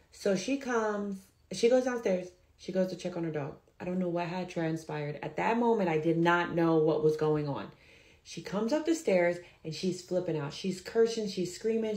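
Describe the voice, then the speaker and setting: An at-home nail tech with a mid-range voice tells an animated story about a client, acting out what each person said. The recording is rough and sounds roomy.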